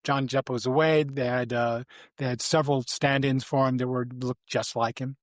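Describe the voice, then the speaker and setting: An older man sits as a podcast guest and spins animated, rambling anecdotes, circling back and restarting his sentences. His voice sits at an ordinary pitch. The sound is close and dry, with no room around it. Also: normal speed, dry recording. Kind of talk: casual interview storytelling.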